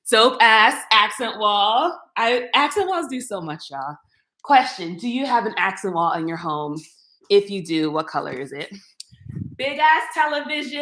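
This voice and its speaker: A YouTuber in her twenties gives live-stream viewers a tour of a modern open-plan apartment, chatting playfully and speaking straight to them. Her voice is on the low side and a bit bright. The camera mic follows her from room to room, which sound echoey.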